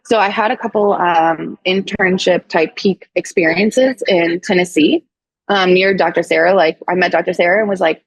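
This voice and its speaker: A woman in her thirties from Missouri, a podcast guest telling a personal story in a casual, animated way, full of "like" and acted-out quotes. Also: lowish voice, normal speed, husky, no room sound, poor audio. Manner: animated, acts out quoted voices, frequent "like".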